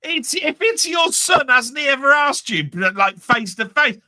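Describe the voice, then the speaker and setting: High, bright-voiced teasing man. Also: expressive, a little slow. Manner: teasing, blunt, mock-insulting. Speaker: livestream host. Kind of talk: casual banter.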